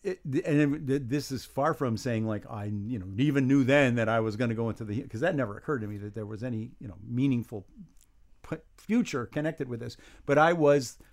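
An older man in his seventies, from New York, chats as a guest on a talk show. He tells long stories, full of restarts and dry jokes at his own expense, in a steady mid-pitched voice. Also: a little fast. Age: 70s. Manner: rambling, wry, self-deprecating, with restarts and chuckles. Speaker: guest, humor writer. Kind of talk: casual interview chat.

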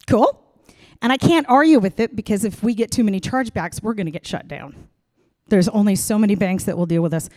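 A middle-aged woman doing stand-up storytelling, frank and animated, acting out the voices in her tale. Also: mid-range voice, brisk, no echo, clean studio sound. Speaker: comedian.

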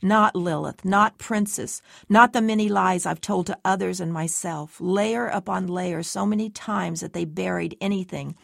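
A woman's voice: lowish voice, normal speed, vocal fry, hardly any pauses, dry recording, clean studio sound. A woman giving tense, anxious first-person story narration as an audiobook narrator.

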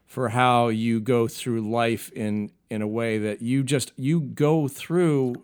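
A man co-hosting a podcast in casual conversation, reflective and halting, with many restarts. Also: medium pitch, steady tone, clean tone, no room sound, clean studio sound. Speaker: podcast co-host.

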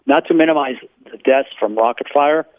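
A man's voice: mid-range voice, normal speed, no echo. A man, a law professor, speaking frankly and bluntly as a radio interview guest from his home, with frequent ums and sarcastic asides. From Israel. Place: his home near Jerusalem. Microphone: phone line. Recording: tinny phone line.

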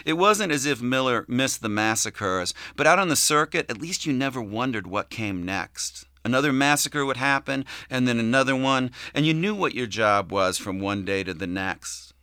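A man narrating a novel in an expressive, varied way on a close studio mic. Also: mid-range voice, normal speed, hardly any pauses, clear, resonant tone, no echo. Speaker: audiobook narrator.

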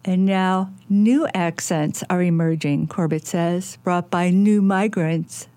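A woman radio reporter reading a news feature in a measured, clear manner. Her voice sounds close and dry, with no room sound. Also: lowish voice, mellow, no echo. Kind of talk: scripted news narration.

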